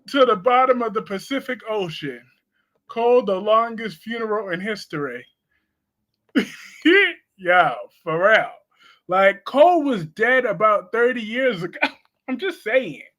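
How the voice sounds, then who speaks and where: A man with a very high, bright and sharp voice chats on a live stream. He talks in a sassy, expressive way and answers his chat as he goes.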